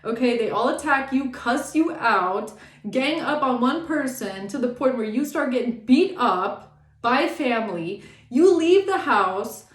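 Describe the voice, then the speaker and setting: A woman's voice: high voice, measured pace, reverberant. Sassy, swearing tarot reader woman. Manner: animated, sassy, swears often, acts out quoted people. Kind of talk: casual tarot reading monologue.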